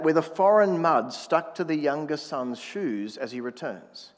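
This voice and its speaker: A man's voice: a little high, expressive, unhurried, in a large hall. A man preaching a sermon in a conversational manner, prodding the congregation to answer back. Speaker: pastor.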